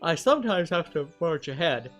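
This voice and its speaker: At a moderate pace and fairly high pitch, a man narrates a visual novel for his game channel with faint music behind. He jokes between lines, keeps the banter lively, and breaks into animated laughter.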